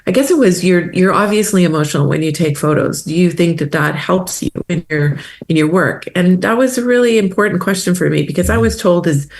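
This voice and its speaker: A woman from Canada, a wildlife photographer, talking as a guest in a casual interview, animated and emotional, laughing often. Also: fairly low pitch, brisk, hardly any pauses.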